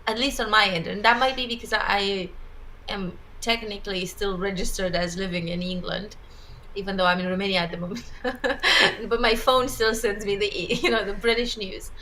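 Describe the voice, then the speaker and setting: Chatty bright-voiced woman livestream host. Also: mid-range voice, steady tone, moderate pace, slight background noise, low-quality recording. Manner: chatty, laughs often, trails off mid-sentence. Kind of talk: casual livestream chat.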